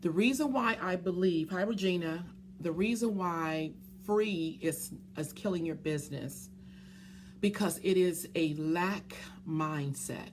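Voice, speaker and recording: A woman's voice: lowish voice, unhurried, slight background noise. A woman business coach in a live stream, speaking earnestly from the heart to viewers, often stopping to greet them by name, with many ums and restarts.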